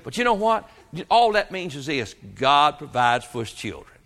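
A man's voice: on the high side, big pitch swings, moderate pace, a bit bright. A man preaching a sermon, telling a folksy story with plain homespun talk.

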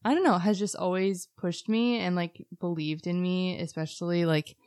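A woman's voice: lowish voice, moderate pace, smooth, no echo. Woman, podcast co-host, casual chat, laughs often, dry close mic. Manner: relaxed, filler-heavy, laughs often.

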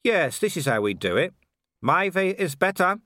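A man's voice: high-pitched, sing-song, moderate pace, sharp tone, no room sound, voice pushed up, exaggerated voice. A man doing a sardonic old-school copper. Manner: dry, sardonic. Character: weary, dry-witted middle-aged male watch commander.

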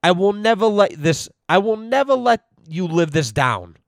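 Pitched high and swinging widely in tone, this podcast host speaks at a normal speed in clean studio sound with no echo. On his own show he delivers a profane, mock-serious rant, leaning repeatedly on "you know."

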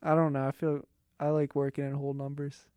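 A young college-age man with a Pittsburgh accent and a fairly high, smooth voice. He chats in an easygoing way and often breaks into laughter, recorded dry and close. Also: monotone, brisk, darkish tone, no echo. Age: young adult. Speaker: co-host. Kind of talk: casual chat.

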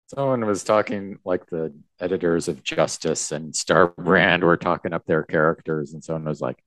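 A man's voice: low-pitched, unhurried, fairly bright tone, no echo. A man co-hosting a podcast, recapping a comic in a rambling, hesitant, casual way. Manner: rambling, hesitant, with fillers and restarts. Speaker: podcast co-host.

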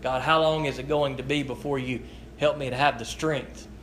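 A man's voice: medium pitch, steady tone, fairly bright tone, slight background noise. Earnest man preaching a sermon. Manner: earnest, halting with frequent restarts; slow, deliberate scripture reading. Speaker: pastor. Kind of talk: sermon with prayer and scripture reading.

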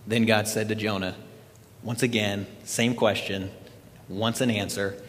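A man preaching a sermon, retelling a scripture story in an animated storytelling way. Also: mid-range voice, normal speed, big-room sound. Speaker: pastor.

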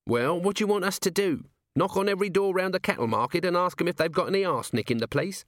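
Brief: male reader as a cheeky, whiny young watchman, high and common-spoken. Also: expressive, fast talker, no room sound, clean studio sound. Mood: grumbling. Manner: whiny, streetwise, common speech.

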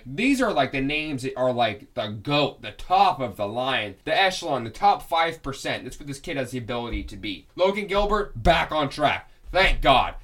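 A man hosting a solo sports podcast, ranting excitedly and swinging between loud outbursts and quick muttered asides. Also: a little high.

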